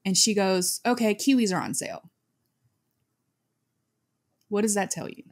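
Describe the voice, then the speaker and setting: A woman co-hosting a casual podcast in a mid-range voice. She talks in a measured, matter-of-fact way and lays out questions and stories plainly. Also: medium pitch, expressive, slightly rough. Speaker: podcast co-host. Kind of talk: casual chat.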